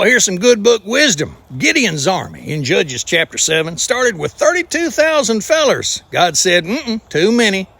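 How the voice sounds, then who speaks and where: A man's voice: high-pitched, vocal fry, bright, forceful tone, husky, no echo. A man with a Southern US accent hosting a scripted comedic trivia show, folksy and exclamatory with punchy jokes. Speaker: host.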